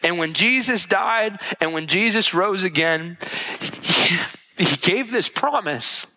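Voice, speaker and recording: Bright-voiced earnest young preacher. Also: male voice, high-pitched, lively intonation, slow. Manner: earnest, conversational preaching with dramatic voiced prayers. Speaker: pastor. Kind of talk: sermon.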